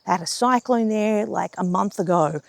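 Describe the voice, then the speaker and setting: A young Australian woman, sick and husky-voiced, chatting casually to camera in a vlog at an outdoor lakeside campsite. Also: medium pitch, dry recording, studio quality. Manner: chatty and upbeat, quick asides. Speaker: vlogger.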